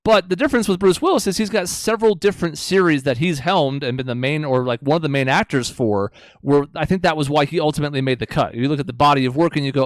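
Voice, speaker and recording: Man, podcast co-host, casual chat, measured, dry close sound. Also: fairly high pitch, dry recording.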